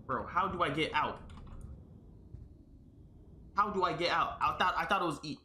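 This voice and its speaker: A man giving panicky, exclaiming commentary as he plays a horror game, often yelling at the screen. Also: fairly high pitch, normal speed, slight background noise. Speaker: gaming video creator. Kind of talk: live gameplay commentary. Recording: roomy echo with loud game music behind. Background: game music.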